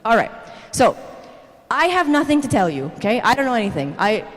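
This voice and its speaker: A woman's voice: a little high, very animated, fairly quick. A young woman giving a casual, dramatic church talk, tagging "okay?" onto her sentences. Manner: dramatic, keeps adding "okay?". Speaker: youth speaker. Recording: hall reverb.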